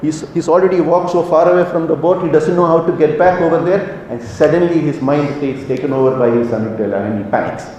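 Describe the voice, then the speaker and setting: A man's voice: on the high side, quick pace, hardly any pauses, darkish tone. A man gives a motivational religious message. He tells it earnestly, like a story, and lifts and drops his voice for emphasis. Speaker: preacher. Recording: echoey hall, distant mic, faint noise.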